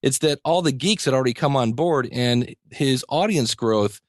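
A man's voice: medium pitch, moderate pace, no room sound, studio quality. A man talking as an interview guest, rambling and enthusiastic about his field. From United States. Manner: rambling and enthusiastic, many restarts and chuckles. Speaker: podcasting teacher, guest. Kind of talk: conversational interview.

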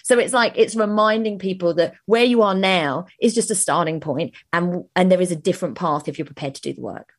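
Lively woman coach. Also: lowish voice, brisk, few pauses, no room sound, clean studio sound. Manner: animated storytelling, acts out clients' voices. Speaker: business coach. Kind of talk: casual podcast conversation.

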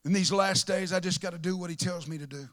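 A man preaching a sermon with speech, swinging between impassioned shouting and quiet, intimate asides. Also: sits high, fast. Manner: impassioned, shouting at peaks, then dropping to a murmur.

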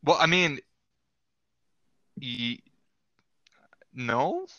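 A man's voice: medium pitch, sing-song, drawn-out words, bright, forceful tone, no room sound, dull audio. A young man chatting casually while playing a game, playful and defensive, saying dude a lot. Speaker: co-host.

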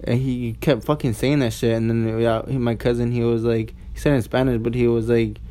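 A young man of about eighteen tells a long storytime tale in a loose, rambling way. He swears freely, leans on "like" and restarts his sentences over and over. His voice sits at an ordinary pitch for a man. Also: flat delivery, a little fast, warm tone, clear, resonant tone. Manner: rambling, profane, full of "like" and restarts. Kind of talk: casual storytime monologue.

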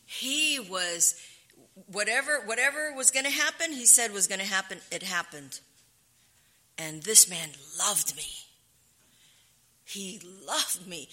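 A woman's voice: medium pitch, bright, forceful tone. A woman sharing her recovery story at a meeting, candid and emotional, often restarting her sentences.

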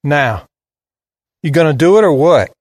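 A man's voice: on the high side, lively intonation, unhurried, no echo, studio quality, pitched above the performer's own voice. A man voicing a defiant, sneering teenage farm boy with a Southern drawl. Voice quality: drawling, cocky.

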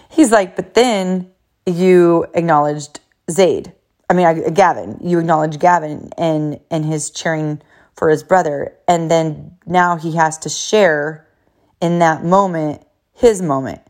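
A woman's voice: deep voice, darkish tone. A woman in her thirties, a mother telling a story about her sons to viewers in a chatty way, full of fillers and quoted voices.

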